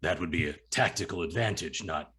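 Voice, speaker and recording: A man playing a boastful, smug male champion, with a husky voice. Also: low-pitched, fairly quick, pushed and bright, full character voice.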